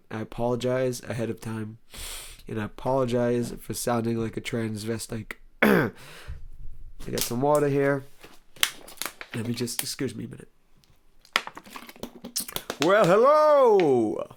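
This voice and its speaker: A man with a hoarse voice hosting a comedic talk show, rambling sarcastically and clearing his throat often. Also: mid-range voice, slight background noise. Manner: sarcastic, rambling, deadpan jokes with mock outbursts. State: hoarse, lost voice. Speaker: host.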